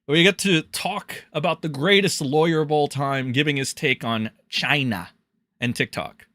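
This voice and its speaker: A man's voice: on the high side, normal speed, bright, forceful tone, dry recording, clean studio sound. A man doing profane live-stream commentary, mocking and crude, swearing and laughing often.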